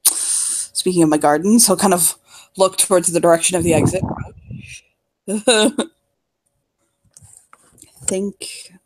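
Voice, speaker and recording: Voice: medium pitch, takes it slowly, pauses often, rough recording. A player voicing an easygoing male gardener with an Australian accent in an improvised role-play.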